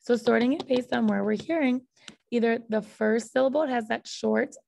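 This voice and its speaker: Gravelly woman teaching a phonics lesson. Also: on the high side, normal speed, darkish tone, a little hiss or hum. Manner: patient, repeats "okay?" often.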